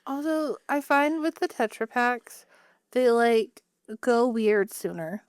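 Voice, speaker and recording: A woman with a higher, smooth and clear voice chats casually as a podcast co-host. She talks in quick bursts that trail off mid-thought. The recording is dry and close. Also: animated, no room sound. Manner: quick chatty talker, trails off mid-sentence. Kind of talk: casual chat.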